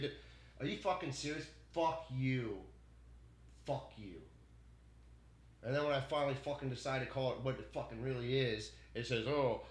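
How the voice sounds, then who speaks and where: Furious swearing man ranting at his computer. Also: mid-range voice. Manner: furious profanity-laden ranting, swinging from yelling to muttering. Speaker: gaming streamer. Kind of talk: angry rant while streaming. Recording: echoey room with faint background noise.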